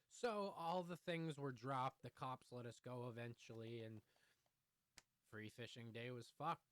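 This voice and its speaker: A man's voice: mid-range voice, measured pace, fairly bright tone, dry recording. Young guy ranting a wild story, cussing nonstop, mid voice, dead dry audio. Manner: heated, profanity-heavy storytelling. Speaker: vlogger. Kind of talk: storytime vlog.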